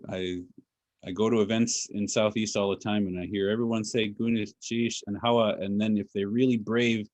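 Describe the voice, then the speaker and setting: Lowish and a little mellow, this man's voice is captured in a dry recording. He's a language teacher and speaker from Alaska, giving a patient lecture with audience questions, breaking down pronunciation step by step and using dry, self-deprecating humor.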